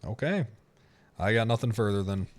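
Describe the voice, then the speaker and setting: A man's voice: on the low side, lively intonation, moderate pace. A man playing a defense lawyer in a role-play courtroom, talking casually and joking, with frequent laughs.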